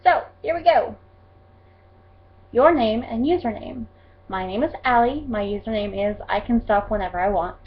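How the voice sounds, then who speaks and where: A woman's voice: a little high, moderate pace. A young woman from Oklahoma with a rural Oklahoma accent, chatty and upbeat, reading a word list for an accent challenge vlog. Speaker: vlogger. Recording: slightly dull lo-fi recording.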